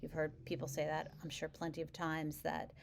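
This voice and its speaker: A middle-aged woman coaching couples in a direct-to-camera advice video, speaking calmly and evenly with small acted example phrases. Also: low-pitched, creaky, a little hiss or hum. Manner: calm, measured, explains with acted example phrases.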